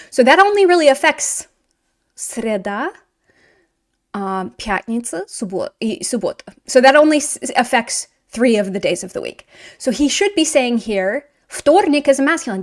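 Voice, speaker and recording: Higher-voiced woman teaching grammar, chatty. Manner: lively, chatty explanations mixing English and Russian. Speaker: Russian language teacher. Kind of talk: grammar lesson correcting student mistakes.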